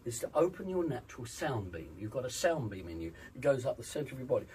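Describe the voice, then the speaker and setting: Male vocal coach, emphatic, lively delivery, slightly off-mic. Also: medium pitch, fast, hardly any pauses, recorded from a distance, slight background noise, rough recording. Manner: emphatic, demonstrates vocal sounds. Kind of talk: interview, teaching voice exercises.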